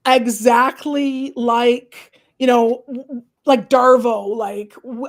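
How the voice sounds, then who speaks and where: A woman host chatting casually on a livestream, animated and opinionated, tossing in "like" and "right?" often. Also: on the high side, slow pace. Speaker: host, professor and counsellor.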